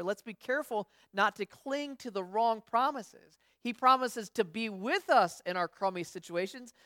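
High-voiced woman preaching conversationally. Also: fairly bright tone, dry recording, clean studio sound. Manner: storytelling, frequent restarts, acts out quoted voices. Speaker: pastor. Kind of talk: conversational sermon.

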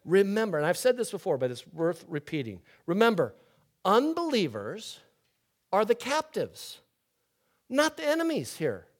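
An older man, the pastor, preaching a sermon with a chatty storytelling manner, swinging from loud lively stretches to quiet low ones. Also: moderate pace.

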